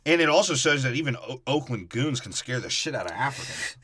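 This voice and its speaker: A man's voice: medium pitch, expressive, fairly quick, sharp tone, a little hiss or hum. Profane young man mocking a movie. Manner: profane, mocking, acts out characters in silly voices. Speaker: podcast co-host. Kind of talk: crude comedic movie recap.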